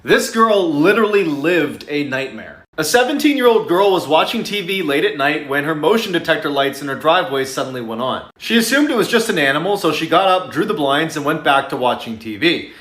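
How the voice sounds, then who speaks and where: Guy reading a creepy story, dramatic, kinda high voice, echoey room. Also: very animated, brisk, a bit bright. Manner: dramatic, suspenseful telling. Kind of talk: scripted narration.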